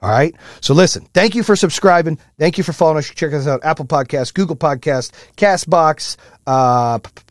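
A middle-aged man hosting a podcast, telling a story in a profane, animated monologue full of motivational talk. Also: on the high side, brisk, no room sound, clean studio sound. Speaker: podcast host.

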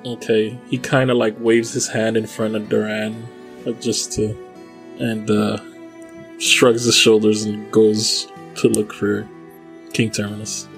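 A man's voice: fairly low pitch, level tone, slow, creaky, faint music behind, poor audio. A man playing a tabletop game, talking casually and hesitantly. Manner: hesitant, many fillers. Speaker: player.

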